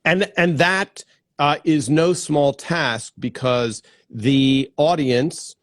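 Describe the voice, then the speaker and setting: A man's voice: fairly high pitch, takes it slowly, no room sound. Chatty man hosting a live stream, dry sound. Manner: chatty, greets viewers by name, restarts often. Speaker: livestream host. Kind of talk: casual live-stream chat. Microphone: plugged-in desk microphone.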